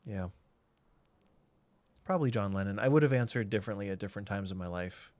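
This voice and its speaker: A man's voice: on the low side, brisk, darkish tone, no echo. A man streaming a game, chatting casually and thinking aloud while he answers chat.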